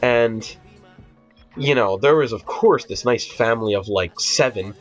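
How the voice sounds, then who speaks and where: A teenage boy tells a rambling, profane story in casual vlog style, with steady fillers and restarts. His voice sits at a medium pitch. The audio is dull and lo-fi with faint music underneath. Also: unhurried. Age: teens. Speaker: vlogger.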